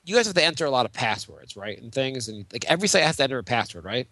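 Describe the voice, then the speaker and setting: A man's voice: mid-range voice, big pitch swings, racing, sharp tone, no room sound. A man hosting a casual comedy podcast, ranting, swearing freely and acting out phone calls. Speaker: podcast host.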